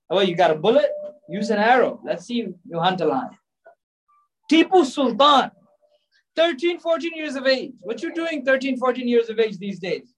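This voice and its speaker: Emphatic high-voiced male preacher. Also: rough recording. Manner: emphatic, rhetorical questions, mixes in Urdu and Arabic phrases. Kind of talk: sermon.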